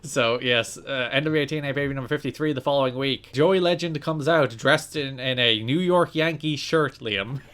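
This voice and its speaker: A man co-hosting a podcast in casual chat, recapping events in an animated, joking manner. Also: medium pitch, moderate pace, hardly any pauses. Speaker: podcast co-host.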